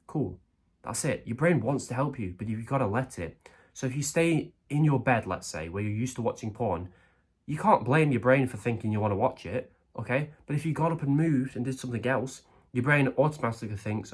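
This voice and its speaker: A man's voice: medium pitch, fairly quick, husky. A young man giving crude, direct self-improvement advice to camera, firing rhetorical questions and tacking on "right?" and "okay?". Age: young adult. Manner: acts out the brain's voice in quoted asides.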